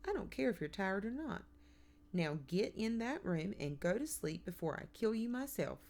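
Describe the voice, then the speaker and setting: A woman reading an audiobook, voicing an exasperated mother who scolds and shouts at her boys. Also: medium pitch, very animated, moderate pace, voice pushed up. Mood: scolding.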